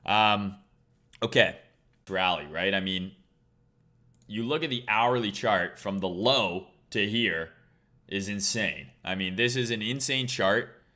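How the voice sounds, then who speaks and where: A man's voice: on the low side, slow, sharp tone. A man hosting a trading livestream, talking casually in a blunt, profane, rambling way.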